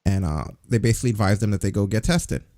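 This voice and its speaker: A man's voice: on the low side, expressive, fast talker, mellow, no echo, clean studio sound. A man co-hosting a wrestling news podcast in casual chat, ranting sarcastically with plenty of swearing. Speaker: podcast co-host.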